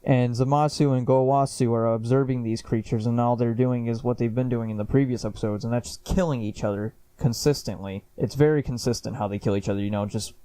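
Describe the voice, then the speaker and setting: A man's voice: medium pitch, fairly even intonation, a little fast, few pauses, warm tone, no echo. A man reviewing an anime episode in a chatty, casual way, with lots of fillers, swearing and laughs.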